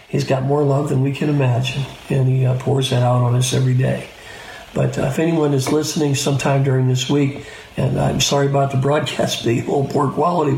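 A man leading an informal Bible study, reading scripture and explaining it in a relaxed, conversational way with fillers and restarts. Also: medium pitch, vocal fry. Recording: roomy echo, faint room noise, poor broadcast.

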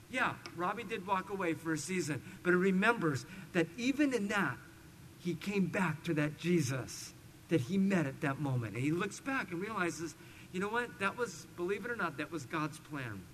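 A middle-aged man preaching a sermon to his congregation. He tells a story with animation, swinging between loud emphasis and hushed asides. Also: high-pitched, a little hiss or hum, poor audio. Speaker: pastor. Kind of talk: expository sermon with personal stories.

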